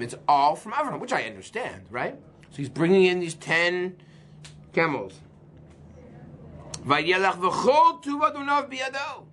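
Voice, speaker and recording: Lively rabbi teaching a class. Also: male voice, high voice, a little hiss or hum. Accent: Canadian. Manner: lively, acts out voices, asks the class questions. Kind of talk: informal Torah class.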